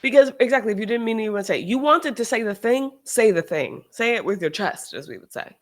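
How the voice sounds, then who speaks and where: A host talking casually on a livestream, animated and sarcastic, often restarting sentences and trailing off. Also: medium pitch, fast. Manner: animated, sarcastic, shifts into mocking quoted voices.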